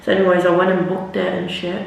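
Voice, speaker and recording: A woman's voice: lowish voice, completely flat delivery, fast talker, vocal fry. A young woman telling a casual storytime while doing her makeup, rambling and swearing freely, with lots of "like" and "literally". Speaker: vlogger. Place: echoey room, talking away from the camera. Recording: roomy echo, mic at a distance.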